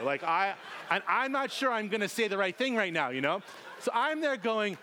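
A male pastor in his thirties preaching with a slightly higher-than-usual voice. He tells funny family stories animatedly, acting out his own lines. He then turns earnest as he draws the lesson. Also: moderate pace. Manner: animated, humorous storytelling with acted-out quotes. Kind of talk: sermon.

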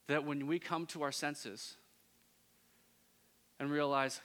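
Male preacher, sermon, bright tone, unhurried delivery, hushed to impassioned. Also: a little high, flat delivery, clean tone. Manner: swings from hushed intimacy to loud impassioned pleading.

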